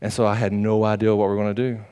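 Pastor, male, folksy and animated sermon storyteller. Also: fairly low pitch, racing, clean tone. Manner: animated, folksy, acts out quotes.

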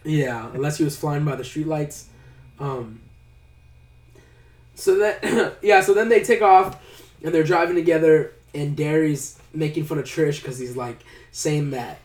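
Chatting casually as a podcast co-host, an animated man retells a film's plot and performs the characters' dialogue himself. His voice runs on the high side at a normal speed, recorded from afar in a roomy space.

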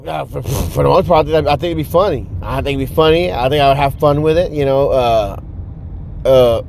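A man's voice: mid-range voice, normal speed, vocal fry, a little mellow. A man rambling casually to the camera outdoors at night, full of restarts, fillers and swearing. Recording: faint outdoor traffic noise.

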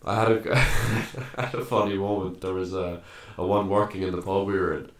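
A man's voice: sits low, steady tone, moderate pace. A young man co-hosting a podcast, joking and laughing through casual stories. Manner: laughing, jokey storyteller. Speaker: podcast co-host. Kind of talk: casual banter. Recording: echoey room.

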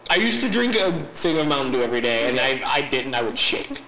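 Young man, podcast co-host, bright voice, chatty and rambling, echoey room. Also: medium pitch, very animated, fast. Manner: rambling, chatty, laughs often. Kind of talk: casual podcast chat. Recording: echoey room with background noise.

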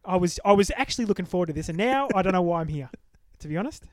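A man's voice: high-pitched, lively intonation, rapid-fire, no echo, studio quality. A man co-hosting a casual movie-review podcast, blunt and sarcastic, swearing freely as he rants. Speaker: podcast co-host.

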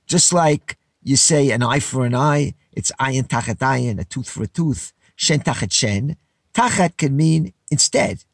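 A man's voice: medium pitch, vocal fry, slightly rough, no echo, clean studio sound. A man teaching a Bible lesson verse by verse in a casual, explanatory way, reading Hebrew phrases and translating them into English.

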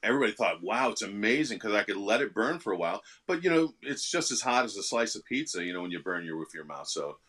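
Low-voiced man telling rambling stories. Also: expressive, quick pace, hardly any pauses, a bit bright. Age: middle-aged. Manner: rambling, self-deprecating, many fillers. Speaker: actor and guest. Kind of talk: casual interview storytelling.

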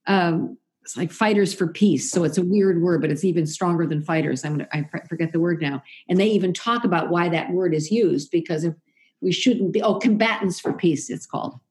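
A woman's voice: on the low side, brisk, a little mellow. A woman talking casually as an interview guest, chatty and opinionated, often restarting and correcting herself. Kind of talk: casual conversation.

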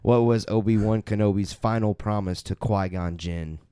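A man's voice: fairly low pitch, normal speed, smooth, dry recording, studio quality. A man hosting a casual podcast chat, laughing often as he runs a trivia quiz. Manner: laughs often, lively quizmaster. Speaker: podcast host.

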